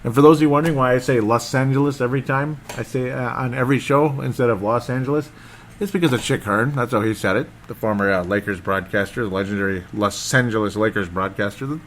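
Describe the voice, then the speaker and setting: Rambling, excitable football podcast man. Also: medium pitch, fast, few pauses, slight background noise. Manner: rambling, excitable, loses his train of thought. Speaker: sports podcast host. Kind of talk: casual football recap.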